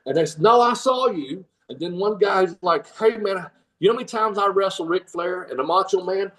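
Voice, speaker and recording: A man's voice: high voice, fairly quick, fairly bright tone, distant mic, rough recording. An older man, rambling through a story in a casual interview, laughing often and acting out the people he quotes. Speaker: guest, former pro wrestler and trainer.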